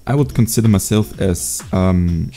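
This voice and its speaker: A young man teaching a beatbox sound in a casual home video tutorial, relaxed and hesitant, with many fillers. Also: deep voice, a little slow, soft background music. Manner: laid-back, hesitant with fillers. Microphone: USB desk mic.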